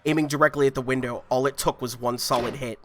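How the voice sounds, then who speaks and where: A streamer narrating a visual novel aloud, breaking into loud swearing reactions. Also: male voice, mid-range voice, steady tone, fast talker.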